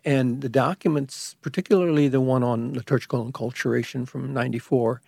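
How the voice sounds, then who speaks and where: A man talks through an explanation in a measured way, pausing and restarting as he goes. His voice is gravelly with a husky edge. It is recorded dry and close. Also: mid-range voice, fairly even intonation, a little mellow, dry recording. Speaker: guest expert on liturgy. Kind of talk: explanatory conversation.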